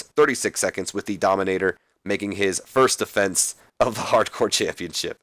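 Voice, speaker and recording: A man's voice: fairly low pitch, dry recording. A young man casually recapping a wrestling game as a let's play host, rambling a little. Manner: casual, rambling, reads out scripted lines.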